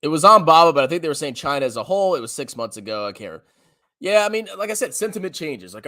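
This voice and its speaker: A man hosting a personal finance channel, reading viewer comments aloud in an animated, slangy way and laughing often. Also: a little high, rapid-fire.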